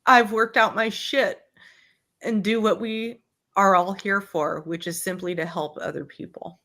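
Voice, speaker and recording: A woman's voice: mid-range voice, fairly even intonation, unhurried, bright, forceful tone. Heartfelt woman hosting a book club. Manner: heartfelt, breaks off to apologize. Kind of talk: reading a memoir aloud and chatting.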